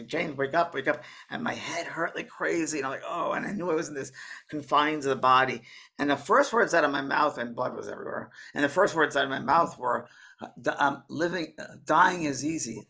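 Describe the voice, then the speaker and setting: A man with a gravelly, husky voice at a middling pitch, talking as a guest medium. He rambles and restarts sentences often in an easygoing way. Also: pushed and bright. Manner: rambling, with frequent restarts and repeated words. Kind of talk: casual conversational talk.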